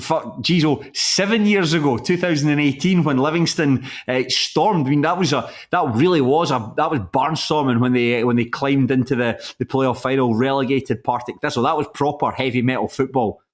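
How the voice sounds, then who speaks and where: A man's voice: medium pitch, moderate pace, few pauses. Rambling Scottish man talking football. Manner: rambling, hesitant, many restarts. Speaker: podcast host. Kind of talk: casual football chat.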